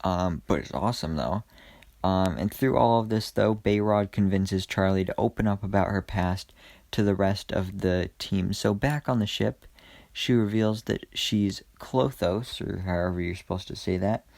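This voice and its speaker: Brief: male TV reviewer, casual recap, fry in the voice, dry close sound. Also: low voice, normal speed, darkish tone, no room sound. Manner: chatty, enthusiastic, frequent ums and restarts. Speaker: TV episode reviewer.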